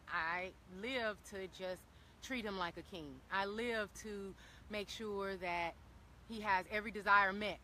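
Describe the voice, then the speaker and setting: A wellness vlogger with a medium-pitched, sharp-toned voice talks earnestly and encouragingly to live viewers through a handheld phone camera, with slight background noise. It's an impassioned live-stream talk, and she often repeats her key phrases for emphasis.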